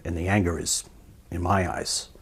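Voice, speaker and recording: A man who runs an inn speaks bluntly in an interview, stopping and restarting often. His voice is very deep and husky. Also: steady tone. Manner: halting, repeats words, blunt. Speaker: inn owner. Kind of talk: interview soundbites.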